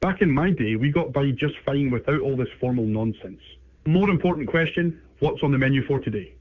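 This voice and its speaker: A cheeky, chatty bulldog as an AI man plays him talks in a gruff British accent. His voice is a little husky. It comes through a thin, tinny phone line. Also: mid-range voice, lively intonation, a little fast, dry recording.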